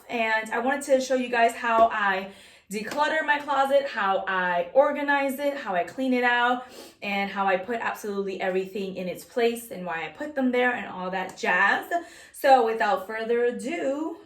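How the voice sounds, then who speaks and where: A woman's voice: a little high, fairly bright tone. A young woman vlogging casually in her walk-in closet at home, chatty and slangy, a little out of breath. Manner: chatty, slangy, drops Spanish phrases. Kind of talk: casual chat.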